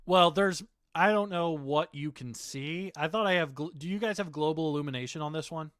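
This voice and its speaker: A man narrating as game master of a tabletop game, unhurried and full of fillers. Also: a little high, fairly bright tone, no room sound, clean studio sound.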